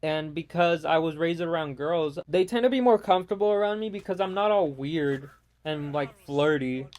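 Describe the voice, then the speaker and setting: A man's voice: on the high side, moderate pace, a little mellow. A young man ranting casually with lots of swearing while commenting over his gameplay. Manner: profane, exasperated ranting. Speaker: gaming YouTuber.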